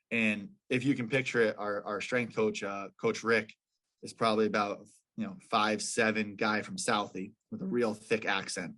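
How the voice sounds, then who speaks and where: Here the young lacrosse pro speaks in a lowish, slightly bright voice. As a podcast guest in a relaxed interview, he shares stories, often using fillers and starting over.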